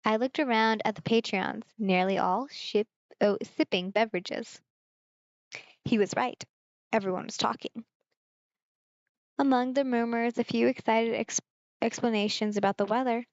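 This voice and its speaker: A woman from Germany reads a story game aloud on stream, breaking off for chatty remarks to her viewers. Her voice is fairly high, recorded dry and a little muffled. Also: fairly even intonation, normal speed, pauses often, dry recording. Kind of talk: reading a visual novel aloud with live commentary.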